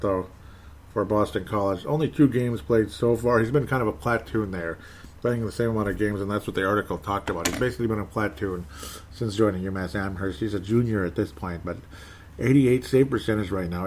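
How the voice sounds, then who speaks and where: Rambling, chuckling man talking hockey. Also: lowish voice. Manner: rambling, self-correcting, chuckles often. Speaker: hockey podcast host. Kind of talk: solo casual commentary on team prospects.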